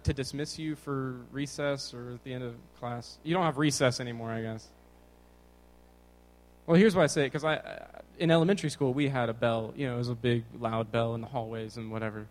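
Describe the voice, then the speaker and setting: A man's voice: medium pitch, poor audio. A young man giving a casual, jokey sermon to teenagers as a youth pastor, talking with energy. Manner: energetic, jokey, bouncing around.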